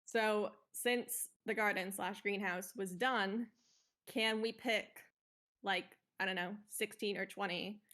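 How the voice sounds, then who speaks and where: A woman's voice: mid-range voice, steady tone, slow, pushed and bright. Hesitant woman player explaining her request. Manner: rambling, hesitant, lots of likes. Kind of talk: tabletop game chat.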